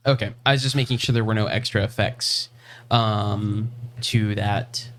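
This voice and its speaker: A man running a tabletop game as game master, talking in a halting, hesitant way as he thinks aloud. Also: on the low side, fairly even intonation, fairly bright tone, slight background noise.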